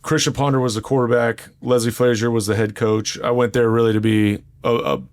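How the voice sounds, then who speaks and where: A man in his forties, a former pro quarterback, telling stories in a relaxed, casual chat. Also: medium pitch, a little fast, dry recording, clean studio sound. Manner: relaxed storytelling, repeats phrases. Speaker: former NFL quarterback guest.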